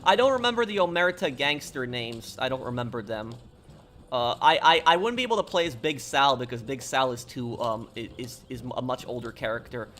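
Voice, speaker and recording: Bright-voiced man chatting on stream. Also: mid-range voice, expressive, brisk, a little hiss or hum. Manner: rambling, answers chat questions. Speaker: game streamer. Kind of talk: casual live-stream chat while gaming.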